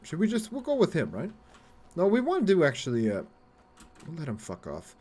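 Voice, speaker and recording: A man's voice: fairly high pitch, huge pitch swings, brisk, darkish tone, slightly rough. Swearing, laughing man streaming a game. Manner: rambling, swears freely, laughs often, talks to chat. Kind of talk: casual live-stream chat while gaming.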